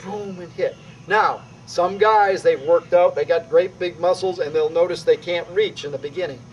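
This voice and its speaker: Energetic man teaching qi gong. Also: normal speed, highs cut off, slight background noise. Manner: energetic, emphatic, punctuating moves with "boom". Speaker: qi gong instructor. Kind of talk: demonstrating exercises on video.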